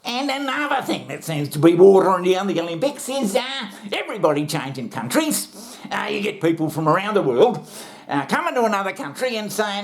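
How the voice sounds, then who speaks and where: A man's voice: high-pitched, sing-song, fairly quick. An Australian man hosting a comedy show, rambling and swearing through a sarcastic rant. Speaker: comedy host. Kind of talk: comic rant.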